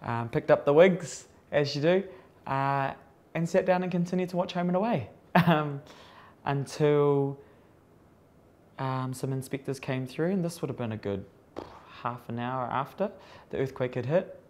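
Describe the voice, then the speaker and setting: A man, a makeup artist recounting events in an interview with amused, lively storytelling. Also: medium pitch, unhurried. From New Zealand. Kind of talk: recalled interview testimony.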